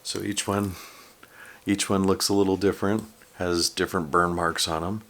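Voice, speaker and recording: Low-voiced man excitedly unboxing a toy. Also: moderate pace. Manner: enthusiastic, rambling with many fillers. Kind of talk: casual unboxing talk. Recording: background noise from handling packaging.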